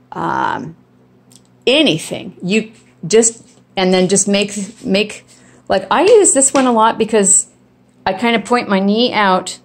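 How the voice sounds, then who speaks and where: There's a little hiss or hum behind this woman's medium-pitched voice. Holding her phone, she records a casual home video in her kitchen demonstrating dog training, talking in a rambling, chatty way with lots of restarts and ums.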